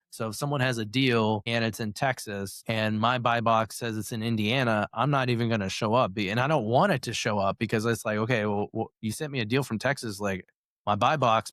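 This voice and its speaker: A man guest on a podcast, chatting casually and rambling a bit as he explains his software. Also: mid-range voice, dry recording, studio quality. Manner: relaxed, rambling, self-correcting. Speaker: podcast guest, real estate investor. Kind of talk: casual interview chat.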